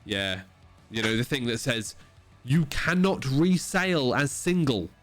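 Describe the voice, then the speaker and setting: A man, co-hosting a casual podcast chat, blunt and sweary, with halting restarts. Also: mid-range voice, very animated, fairly bright tone, faint music behind. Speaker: podcast co-host.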